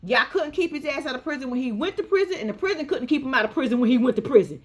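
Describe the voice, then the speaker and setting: A woman's voice: high-pitched, racing, slight background noise. A woman giving casual, profane, sassy commentary recapping a reality TV episode, acting out the people in it. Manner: sassy, profane, animated storytelling.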